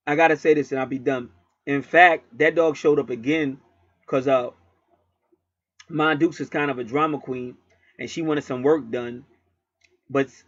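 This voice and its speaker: A man's voice: medium pitch, fairly bright tone, dry recording, lo-fi sound. Rambling, cussing man telling a home story. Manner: profane, rambling, repetitive. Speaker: channel host. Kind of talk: casual storytelling monologue.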